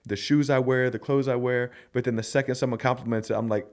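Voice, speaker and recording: A man hosting a podcast in casual interview chat, relaxed and self-deprecating, with many affirmations. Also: mid-range voice, fast. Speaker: podcast host.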